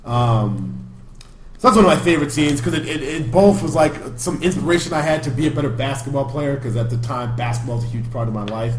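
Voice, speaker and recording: A man's voice: medium pitch, expressive, a little fast, faint music behind. Chatty man recapping a movie, echoey room. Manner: rambling movie recap with acted quotes. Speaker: podcast co-host. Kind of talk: casual chat. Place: backup studio.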